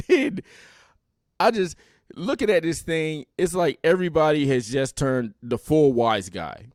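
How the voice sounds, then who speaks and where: A man's voice: a little high, animated, a little slow, darkish tone, no echo, clean studio sound. A man hosting a podcast in casual, mocking comedic commentary with laughing asides. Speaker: podcast host.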